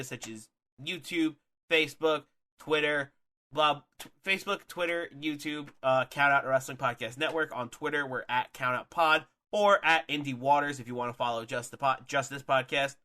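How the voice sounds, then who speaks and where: Upbeat podcast dude, bright voice, rambly casual chat, trips over words. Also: male voice, on the high side. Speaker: podcast co-host.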